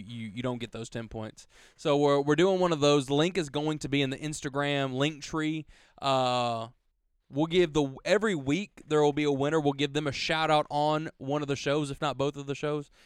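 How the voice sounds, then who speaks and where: A man's voice: on the high side, steady tone, fairly quick, smooth, dry recording, studio quality. A man hosting a casual podcast, wisecracking and explaining things at length. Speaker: podcast host.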